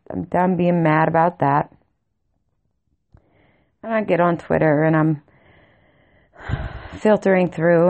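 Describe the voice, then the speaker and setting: Angry cussing lady ranting, low gravelly voice. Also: a little mellow. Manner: furious, heavily profane, emphatic. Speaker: vlogger.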